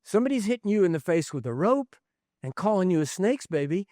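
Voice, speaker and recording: A man preaching a leadership sermon as an animated storyteller, acting out the voices of the people in his stories. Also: high-pitched, fast talker, no echo, studio quality. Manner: animated storyteller, acts out quoted voices, chuckles. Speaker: pastor speaking on leadership. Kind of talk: conference sermon.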